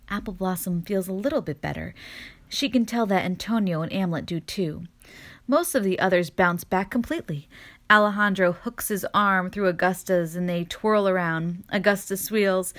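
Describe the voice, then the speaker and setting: In a gentle, expressive reading voice, a woman narrates a children's storybook. Her voice sits in the mid-range, and she reads at a normal speed.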